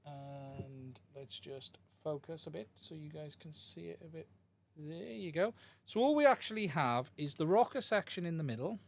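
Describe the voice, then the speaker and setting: With a creaky, expressive, fairly high voice, a man speaks at normal speed. He's streaming live while fixing a radio controller at his workbench, thinking aloud and talking to viewers; he uses a desk mic and changes mics mid-stream.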